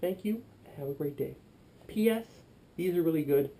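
A man's voice: fairly high pitch, lively intonation, moderate pace, mellow, a little hiss or hum. Tipsy young man rambling at the camera. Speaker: vlogger. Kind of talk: casual vlog sign-off.

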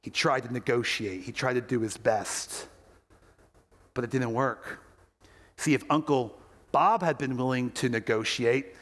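A man's voice: medium pitch, normal speed, fairly bright tone. Male pastor, sermon, storytelling, acts out voices, echoing worship hall.

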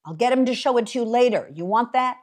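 A woman's voice: on the high side, lively intonation, quick pace, voice pushed up. A woman reading aloud, voicing a bold, reckless teenage boy who talks in an urgent, pushy way. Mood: insistent.

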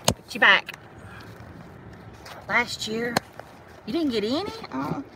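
A woman's voice: fairly high pitch, slow, vocal fry. A woman with a North Georgia Southern accent chatting casually to her viewers from inside her car, folksy and self-mocking. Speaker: vlogger. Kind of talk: casual chat while driving. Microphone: phone or camera clipped to the sun visor. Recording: faint road noise in a car. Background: road and car noise.

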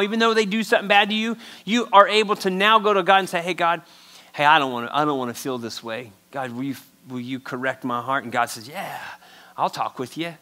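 A man's voice: high voice, bright, forceful tone. A male pastor preaching a sermon in an emphatic, conversational way, acting out little quotes.

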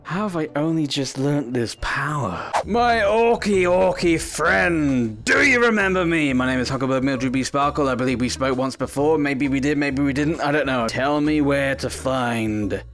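A man's voice: medium pitch, steady tone, moderate pace, hardly any pauses. A man giving comedic VR gameplay commentary, playful and rambling, slipping into silly voices. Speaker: gaming YouTuber.

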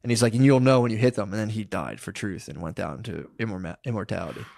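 A young man co-hosting a casual podcast, rambling through a story and acting out quotes in a lower voice, with "dude" in nearly every line. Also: quick pace, creaky, a little mellow, dry recording, clean studio sound. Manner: rambling storyteller, says "dude" constantly, acts out quotes in a low voice. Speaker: podcast co-host. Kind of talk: casual chat.

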